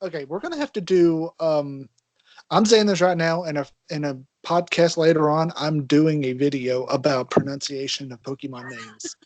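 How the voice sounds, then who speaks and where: A man's voice: fairly high pitch, normal speed, a little mellow, no room sound. A man co-hosting a podcast in casual chat, emphatic and playfully combative. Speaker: podcast co-host.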